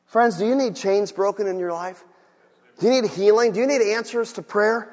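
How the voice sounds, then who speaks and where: A male pastor preaching a passionate sermon to a congregation, moving from quiet asides to shouting. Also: sits high, moderate pace, in a large hall.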